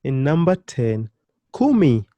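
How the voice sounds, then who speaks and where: A man leads a beginner lesson with a mellow, dark voice, recorded close and dry. He repeats each word slowly for learners to copy and cheers them on, his pitch and volume leaping up now and then. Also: no room sound, muffled recording. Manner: animated, with sudden jumps in pitch and volume. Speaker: language teacher.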